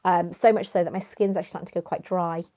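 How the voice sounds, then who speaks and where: A woman's voice: on the low side, steady tone, quick pace, warm tone. A young woman, chatting casually on a live stream, rambling and answering viewers by name, with a runny nose. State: runny nose, clearing her throat. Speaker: YouTuber hosting a live stream.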